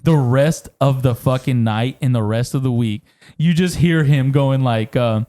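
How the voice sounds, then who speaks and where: In a medium-pitched voice at a moderate pace, a man co-hosting a podcast tells funny stories during casual chat. He's lively in his storytelling, laughs frequently, and doesn't hold back on swearing.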